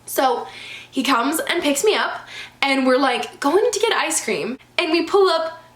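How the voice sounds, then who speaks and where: High-voiced chatty young woman, echoey room. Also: measured pace. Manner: chatty, filler-heavy "like", animated and exasperated. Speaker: vlogger. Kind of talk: storytime vlog, casual chat.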